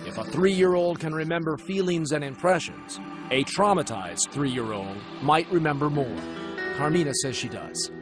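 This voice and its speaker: Male narrator, fairly high voice, measured dramatic delivery, music bed. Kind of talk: scripted TV news-magazine narration. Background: music underscore.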